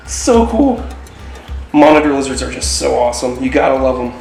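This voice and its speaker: In a casual animal-keeping vlog, a reptile keeper and show host talks enthusiastically while coaxing his reptiles. His mid-range voice is sing-song and darkish with vocal fry, at a normal speed. Faint music plays behind, and the echoey room is recorded from a distance.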